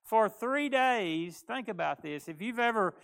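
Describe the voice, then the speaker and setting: A man's voice: sits high, lively intonation, unhurried, vocal fry, fairly bright tone. A pastor giving a folksy, conversational sermon, often restarting his words.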